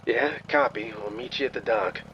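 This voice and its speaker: A man's voice: mid-range voice, lively intonation, normal speed, darkish tone, dull audio, slight background noise, pitched above the performer's own voice, lightly acted. A man voicing a curt small-town sheriff who speaks in clipped, terse words in a storybook.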